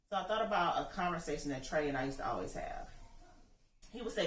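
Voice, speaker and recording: A woman's voice: sits low, a little fast. Earnest grieving mother, distant roomy sound. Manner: earnest, emphatic, building to passionate appeals. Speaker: bereaved mother interviewee. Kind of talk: personal testimony.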